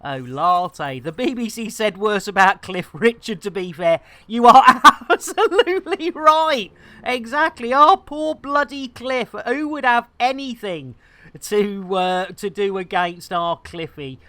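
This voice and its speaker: A woman's voice: medium pitch, lively intonation, unhurried, bright, forceful tone, no echo. A woman chatting playfully and giggling with viewers on a live game stream, speaking into a headset.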